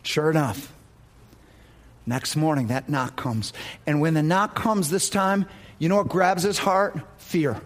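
A man preaching a sermon as pastor, telling a story dramatically and dropping to low, quiet tones for effect. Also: a little slow.

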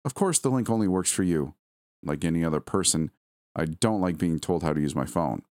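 Brief: man putting on a sharp wife's voice, pitched way up, swooping, dry close sound. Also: lively intonation, fairly quick, no echo. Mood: exasperated. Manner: sarcastic, raised voice. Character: exasperated young wife, sharp and sarcastic.

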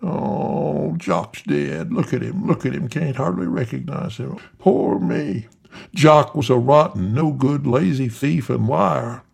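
A man voicing a panicky, self-pitying old farmer who blubbers and wails, with a gravelly voice. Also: mid-range voice, takes it slowly, pitched above the performer's own voice, heavily acted. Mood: panicky whining.

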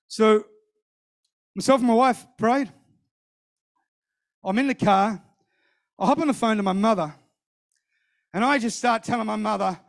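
A middle-aged man in the middle of a sermon tells a personal story with animation, acting out other people's lines and repeating phrases. He speaks at a moderate pace in a high-pitched voice, leaving long pauses.

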